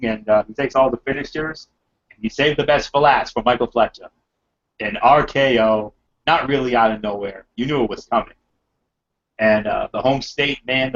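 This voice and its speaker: A man's voice: mid-range voice, dull audio. A man hosting a casual wrestling podcast, rambling with lots of fillers as he recaps matches enthusiastically. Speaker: podcast host reviewing wrestling.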